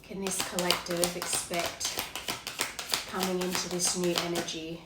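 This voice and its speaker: A woman with a hoarse, cracking voice from being unwell, giving a rambling, hesitant tarot reading to her viewers. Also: fairly low pitch, monotone, unhurried, reverberant, very noisy. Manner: rambling, hesitant, many fillers. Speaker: tarot card reader. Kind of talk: casual tarot reading to camera.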